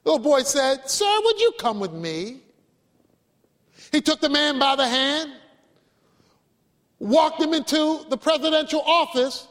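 A man preaching a sermon, emphatic, with dramatic pauses and vivid stories. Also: extremely high pitch, a bit bright, long reverb tail. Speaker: pastor.

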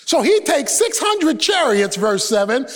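A man preaching a sermon as pastor, emphatic and animated, swinging between loud bursts and hushed asides. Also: very high voice, unhurried, in a large hall.

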